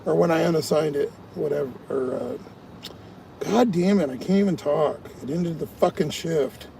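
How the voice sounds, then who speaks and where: Frustrated male delivery driver, ranting on a stream from his car, gravelly voice, engine noise behind. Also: fairly high pitch, moderate pace, dark tone. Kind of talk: live-stream venting while driving. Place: inside a parked car.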